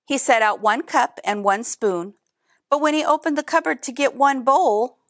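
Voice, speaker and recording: 絵本を読み聞かせる女性、表情豊かで子ども向けの語りかけを挟む、やや高めの声、残響のない乾いた音. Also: female voice, sits high, moderate pace, no echo. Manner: expressive, chatty asides to young listeners. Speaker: storybook reader. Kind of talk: reading a picture book aloud with asides.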